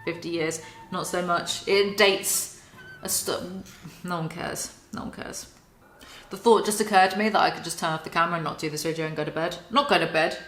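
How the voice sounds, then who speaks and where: A woman's voice: fairly low pitch, fairly even intonation, quick pace, a bit bright, roomy sound, slight background noise. A woman reading a book aloud and mocking it in dry, sarcastic commentary, rambling and swearing between passages. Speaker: video creator.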